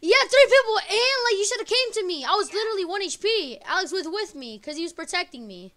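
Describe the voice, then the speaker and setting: Loud trash-talking woman gamer. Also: very high voice, lively intonation, quick pace. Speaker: gamer streaming with teammates. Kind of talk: live game-stream chatter. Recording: noisy stream audio.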